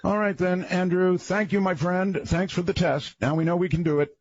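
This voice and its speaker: A radio talk show host, a man with a husky voice, talking in a rambling, conversational late-night monologue with folksy asides. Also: high voice, steady tone, normal speed, highs cut off, slight background noise.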